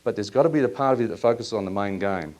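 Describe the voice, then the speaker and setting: A man leading a live workshop in a seminar room, asking audience members lively questions. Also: on the low side, very fast. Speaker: workshop presenter.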